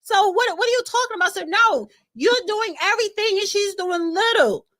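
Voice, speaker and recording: A woman's voice: extremely high pitch, normal speed, a bit bright, no echo. A woman hosting an advice talk show, blunt and combative as she lectures a caller. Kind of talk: casual talk show chat.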